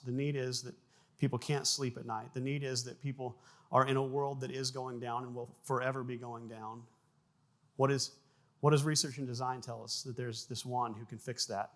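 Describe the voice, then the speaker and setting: Man, pastor, conversational sermon, mid-pitched voice, casual restarts. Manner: conversational preaching with restarts, bursts of loud acted sound effects.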